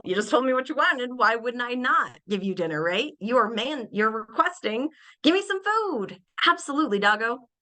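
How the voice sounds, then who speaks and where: A young woman leads a webinar lecture with a bright, forward tone. She talks in an animated way and slips into quick character voices to act out everyday examples. Her pitch sits in an ordinary middle range for a woman. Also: low-quality recording. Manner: animated, acts out little scenes in changed voices. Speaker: behavior analyst presenter.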